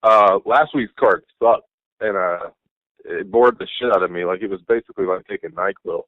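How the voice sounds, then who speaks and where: Man, co-host, blunt and hyped, deepish voice, dry tinny phone-like recording. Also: normal speed, dry recording. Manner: excitable, blunt and profane. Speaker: podcast co-host. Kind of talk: casual chat.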